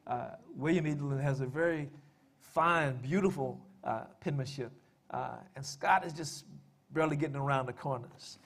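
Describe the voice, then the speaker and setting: A man's voice: medium pitch, moderate pace, creaky, fairly bright tone. A man giving a public talk on family history, conversational, with frequent fillers and dry, self-deprecating humor. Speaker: speaker presenting family history and poetry.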